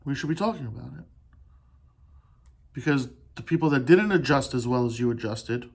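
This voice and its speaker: A man hosting a solo podcast, talking in an earnest, halting way with restarts and pauses, swearing casually as he opens up. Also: mid-range voice, animated. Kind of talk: candid solo podcast monologue.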